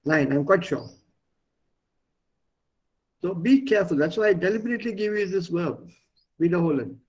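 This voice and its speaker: A man leads an online German lesson, patiently explaining and repeating words for his students. His voice is slightly husky and sits a little high, moving up and down with lively emphasis. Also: normal speed, rough recording. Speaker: German teacher.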